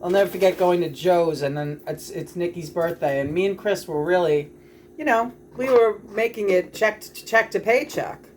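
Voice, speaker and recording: A woman's voice: fairly low pitch, darkish tone, a little hiss or hum. A woman vlogging casually at home, launching into heated, profane rants. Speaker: self-described channeler and vlogger. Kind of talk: casual spoken vlog.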